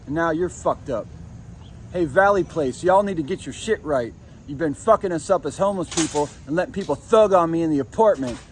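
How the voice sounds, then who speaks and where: A man's voice: fairly high pitch, expressive, a little fast, a little hiss or hum. A man recording himself on a phone in a shared apartment, ranting angrily with lots of swearing. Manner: profane, heated and confrontational. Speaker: vlogger. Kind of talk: angry ranting vlog.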